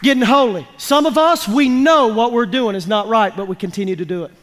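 A man's voice: very high voice, a little fast, fairly bright tone. A man preaching a sermon to his congregation, emphatic and folksy, drawing responses from the listeners. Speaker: pastor. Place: church sanctuary. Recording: long reverb of a large church hall.

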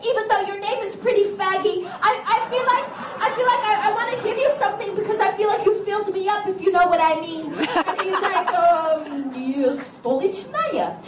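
An actress playing a squeaky-voiced, tiny, cute girl sidekick, telling a raunchy story on stage in a fast, giggling way. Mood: bawdy, giggly. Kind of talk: live comedy stage monologue. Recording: roomy live clip from far off, loud crowd and noise.

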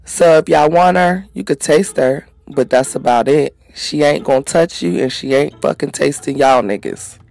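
Woman voicing a low-voiced smooth street hustler. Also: moderate pace, few pauses, darkish tone, dry recording. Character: smooth-talking young male drug dealer.

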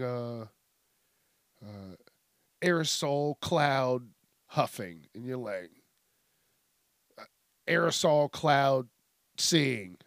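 In a studio-quality recording without echo, a middle-aged man with a medium-pitched voice hosts a podcast. His comedic news rant is profane and rambling, and he keeps cutting himself off mid-sentence.

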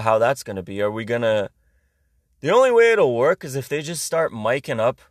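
A young man from Iran, his first tongue, hosts a podcast with a loose, ranting comic monologue. He talks sarcastically and swears freely, his pitch sitting in the middle range. The sound is dry and close with no room echo. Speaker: podcast host. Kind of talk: casual comedic monologue.

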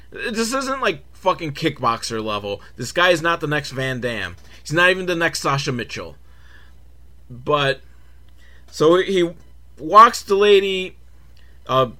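A man's voice: fairly high pitch, bright, forceful tone. A man hosting a comedic film recap, talking sarcastically and profanely with laughing asides. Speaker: host.

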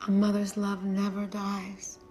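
A woman playing a soft, eerie, disturbed young mother in a TV horror series. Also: mid-range voice, completely flat delivery, a little slow, soft background music, natural voice. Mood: eerie tender.

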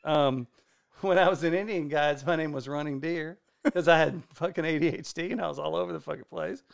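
A man, a stand-up comedian, telling a rambling profane story on a casual podcast with excitable energy. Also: a little high, brisk. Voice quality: gravelly, excitable, swears freely.

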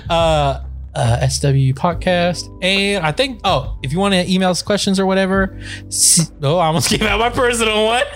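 A young man co-hosting a casual podcast while high, rambling and laughing with lots of fillers. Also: a little slow, a bit bright, faint music behind. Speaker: podcast co-host. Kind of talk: casual stoned chat.

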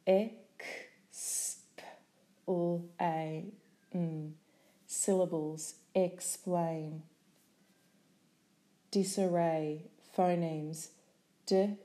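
A woman teaching a spelling lesson, saying each sound and syllable slowly and carefully. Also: fairly low pitch, mellow.

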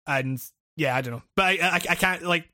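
Bright-voiced man rambling casually. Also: a little high, brisk, dry recording, studio quality. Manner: rambling, restarts often, joking with laughter. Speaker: podcast co-host reading listener questions. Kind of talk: casual chat.

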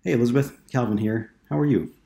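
A man's voice: mid-range voice, quick pace, gravelly, mellow, reverberant, pitched above the performer's own voice, natural voice. A man reading an audiobook, voicing a tired, skeptical male ad writer who questions what he hears.

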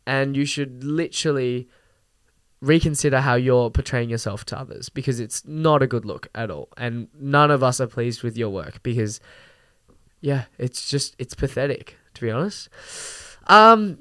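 This young podcast host speaks in a mid-range voice at an unhurried pace, with no echo on the audio. His casual rant is lively and peppered with frequent fillers, laughter, and some swearing.

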